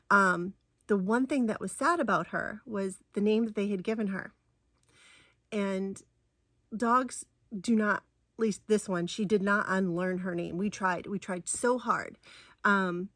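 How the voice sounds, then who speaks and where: A chatty middle-aged woman hosting her own stitching vlog, rambling along and gushing over each find. She fills her talk with ums and restarts. Her voice sits at an ordinary middle pitch and sounds close and dry, with no room around it. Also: no room sound. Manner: rambling and warm-hearted, many ums and restarts. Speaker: cross-stitch vlogger. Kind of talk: casual chatty show-and-tell.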